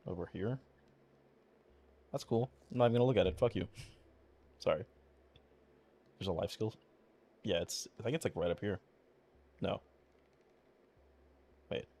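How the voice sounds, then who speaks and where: His voice is lowish and dark, moving at a measured pace with many pauses as he mumbles through casual commentary on the game he's streaming. He rambles, curses freely, fills gaps with filler words, and his voice cracks occasionally.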